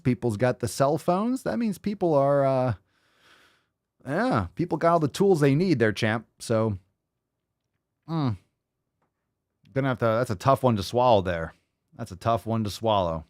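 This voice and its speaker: A man's voice: fairly low pitch, dry recording, studio quality. A man hosting a podcast who reacts to clips in a mocking, profane, sarcastic way. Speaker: podcast host. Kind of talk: casual podcast reaction commentary.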